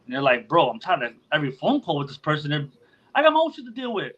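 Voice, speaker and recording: A podcast host chats casually, loose and full of swearing, often acting out quotes in other people's voices. His voice is fairly high and fairly bright, swooping wildly in pitch, and he talks fast. The recording sounds muffled.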